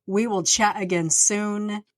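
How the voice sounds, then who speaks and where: A woman's voice: mid-range voice, steady tone, takes it slowly, dry recording, studio quality. A woman hosting her own podcast, talking casually and candidly, rambling and venting with plenty of fillers. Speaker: podcast host and author. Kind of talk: casual solo podcast rant. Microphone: plugged-in podcast microphone.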